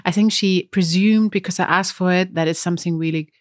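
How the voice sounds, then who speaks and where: A woman's voice: lowish voice, fairly even intonation, fairly quick, no room sound, clean studio sound. German-accented woman chatting on a podcast. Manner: chatty storyteller, laughs often. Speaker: podcast co-host. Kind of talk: casual chat.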